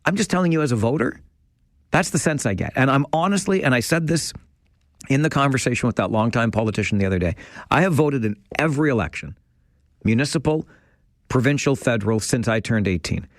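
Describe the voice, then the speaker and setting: A man's voice: mid-range voice, animated, a little fast, no room sound, clean studio sound. A man hosting a call-in radio talk show, ranting with rising passion and frustration. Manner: passionate, increasingly heated rant. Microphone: studio microphone.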